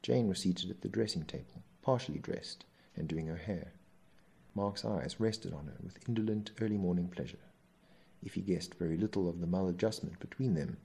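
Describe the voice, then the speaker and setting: A man reading a novel aloud in measured, even storytelling narration. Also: deep voice, gravelly, husky. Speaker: audiobook narrator.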